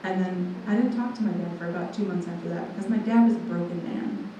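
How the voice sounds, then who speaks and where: Warm-voiced woman telling her story. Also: lowish voice, fast, slight background noise. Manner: lively storytelling, acting out what people said. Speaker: guest speaker. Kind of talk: personal testimony told to an audience. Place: large room with a live audience. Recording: echoey hall, voice from far off.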